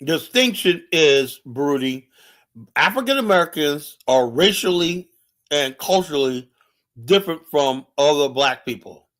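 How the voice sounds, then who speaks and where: Male streamer, heated political rant, profane and combative, repeats himself, slightly high voice. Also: expressive, unhurried, fairly bright tone. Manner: challenges viewers directly. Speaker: livestream host. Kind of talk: heated political commentary monologue.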